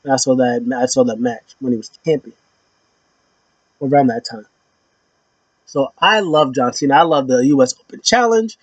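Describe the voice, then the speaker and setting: A young man giving a casual, animated wrestling recap in slangy talk, now and then acting out the wrestlers in a pitched-up voice. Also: normal speed, pauses often, no echo, muffled recording. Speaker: wrestling show reviewer. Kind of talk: casual opinion vlog.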